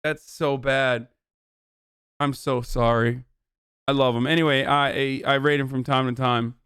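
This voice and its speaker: A man hosts his live stream in loose, rambling chat, swearing casually as he jumps between asides. His voice is smooth and clear at a middling pitch. It sits close and dry on a desk microphone in a home streaming room. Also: level tone, a little slow, a bit bright, no room sound. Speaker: streamer host.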